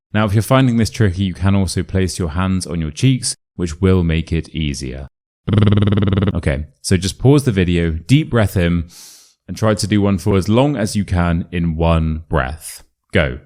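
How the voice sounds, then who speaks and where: A man with a British RP accent teaching pronunciation in an upbeat, clear instructional video lesson. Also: low-pitched, darkish tone. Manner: clear, upbeat, demonstrating sounds.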